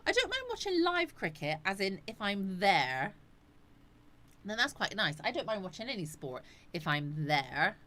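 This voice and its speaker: Bright-voiced chatty woman. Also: medium pitch, very animated, normal speed. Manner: chatty, rambling, answers viewers' comments. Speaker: live stream host. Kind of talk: casual live chat reading comments.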